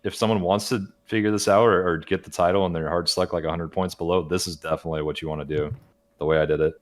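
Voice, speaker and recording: A man co-hosting a gaming podcast, telling stories in a rapid, matter-of-fact way. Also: deep voice, steady tone. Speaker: podcast co-host. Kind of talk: casual gaming chat.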